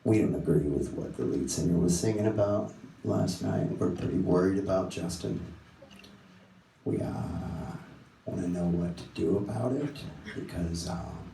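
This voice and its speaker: A man voicing a stern, worried older father who speaks gravely and formally, with some halting pauses. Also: sits low, mellow, voice pushed down. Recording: echoey live room from far off, noisy.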